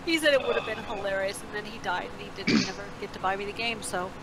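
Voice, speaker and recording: A woman's voice: mid-range voice, fast. A woman chatting casually with friends over voice chat while gaming, laughing easily. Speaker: gamer on voice chat. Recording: noisy voice chat background.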